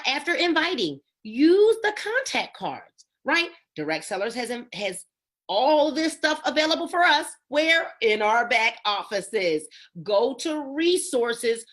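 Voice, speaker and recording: Woman, upbeat sales trainer on a video call, bright high voice, very animated, calls out names. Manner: emphatic, keeps asking "right?" and calling on listeners by name.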